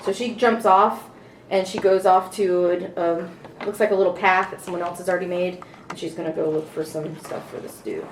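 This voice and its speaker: A woman's voice: fairly low pitch, fairly even intonation, brisk, slight background noise. A woman narrating as game master in a casual, rambling way with many fillers. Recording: echoey room, distant mic, soft music.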